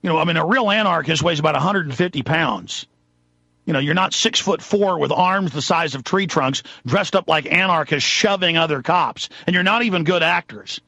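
High-pitched ranting man, sharp and loud. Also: moderate pace, dry recording, lo-fi sound. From Texas. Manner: shouting, accusatory, ranting. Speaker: talk show host. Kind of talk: angry political rant.

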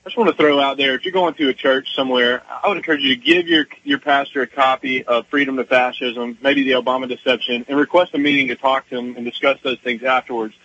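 A man's voice: mid-range voice, fairly even intonation, fast, few pauses, bright, forceful tone, slightly rough. A man calling in to a radio show, speaking earnestly and hesitantly with many fillers. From Texas. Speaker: caller. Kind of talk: phone-in call. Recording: lo-fi phone line.

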